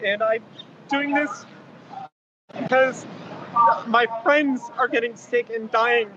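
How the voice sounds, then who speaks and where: A man's voice: extremely high pitch, steady tone, takes it slowly. Tearful, swearing man at an outdoor protest. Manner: angry, swearing outburst. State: tearful, emotional. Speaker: counter-protester. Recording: dull, noisy outdoor camera audio.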